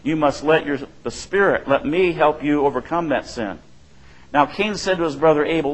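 Conversational preaching man, slightly high voice. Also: normal speed, rough recording. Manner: conversational preaching, asks the room "right?", acts out quotes. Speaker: pastor. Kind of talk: sermon.

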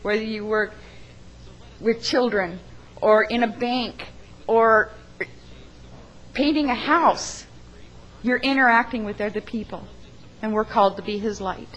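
A woman who works as a funeral arranger, sharing an earnest, emotional testimony in church, halting at times. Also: on the high side, a bit bright, lo-fi sound.

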